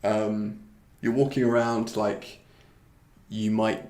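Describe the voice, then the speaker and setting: A man's voice: lowish voice, flat delivery, takes it slowly, darkish tone. A British man giving a casual language lesson, chatty and self-deprecating, often restarting his sentences as he searches for the right words. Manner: laughs at himself. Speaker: English teacher. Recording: roomy echo.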